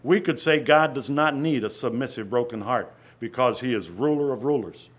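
A man preaching an earnest sermon, often dropping to a hush and then rising to loud emphasis. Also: mid-range voice, normal speed, husky.

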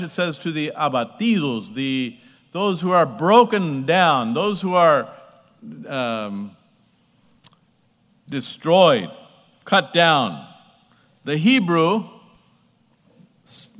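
A man preaching a sermon, slow and emphatic, repeating phrases as he builds. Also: medium pitch, a bit bright, in a large hall.

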